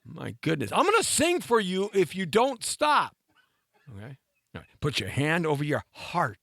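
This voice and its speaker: A man's voice: a little high, huge pitch swings, moderate pace, creaky, pushed and bright. A middle-aged man hosting a live talk show, joking and teasing himself and his cohost in a playful way. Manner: playful, self-mocking, banters with cohost. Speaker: radio show host.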